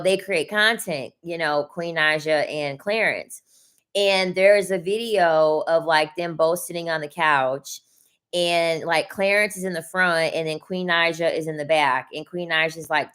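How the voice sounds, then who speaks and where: A woman's voice: deep voice, unhurried, a bit bright. A young adult woman hosting a casual livestream, talking bluntly with swearing and repeating her points for emphasis. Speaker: livestream host reading chat.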